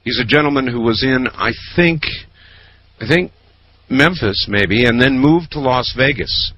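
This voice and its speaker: Bright-voiced male radio call-in host. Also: mid-range voice, measured pace, dull audio, a little hiss or hum. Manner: relaxed, chatty, lively phrasing. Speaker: radio talk show host. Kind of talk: late-night call-in radio.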